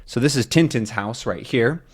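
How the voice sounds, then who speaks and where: Brief: male English teacher, animated, explaining a comic step by step. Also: medium pitch, moderate pace, breathy edge. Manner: animated, repeats and rephrases.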